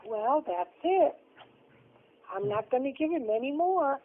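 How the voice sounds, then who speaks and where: A woman's voice: sits high, animated, unhurried. A woman taking part in a role-play, answering in a hesitant but firm way. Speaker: guest in role-play, the host's mother. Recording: tinny phone line.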